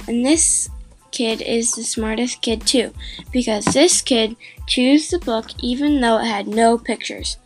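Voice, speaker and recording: Female podcast host with a high voice and an unhurried pace, reading a children's book with playful mock protests. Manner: playful, mock-protesting outbursts and silly nonsense sounds.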